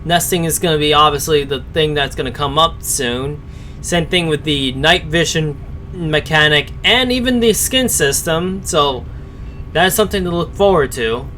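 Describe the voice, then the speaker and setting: A man's voice: on the high side, expressive, moderate pace, sharp tone, slight background noise. A man giving casual live-stream commentary as he reacts to a story, rambling and hesitant with many fillers.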